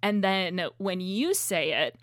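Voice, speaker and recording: A woman co-hosting a podcast in casual chat, animated and laughing often, often restarting her sentences as she talks into a shared microphone. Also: mid-range voice, takes it slowly, dry recording, clean studio sound. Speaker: podcast co-host. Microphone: shared single microphone.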